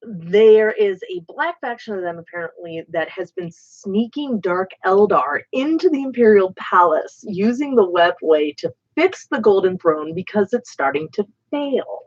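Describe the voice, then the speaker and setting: Her mid-range voice has a darkish tone and sounds animated, moving a little slowly with hardly any pauses. She's a livestream host painting miniatures in casual chat, rambling and self-deprecating with murmured asides, over dull lo-fi stream sound.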